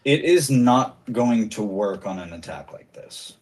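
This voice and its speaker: A man's voice: fairly low pitch, animated, measured pace, background noise. Casual, chuckling male game master. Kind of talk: narrating a tabletop game.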